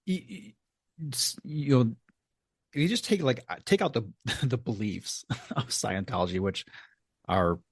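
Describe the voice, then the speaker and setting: A man's voice: mid-range voice, very animated, unhurried, pauses often, husky, no echo, clean studio sound. A man co-hosting a podcast in casual chat, hesitant with many ums and stammered starts. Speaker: podcast co-host.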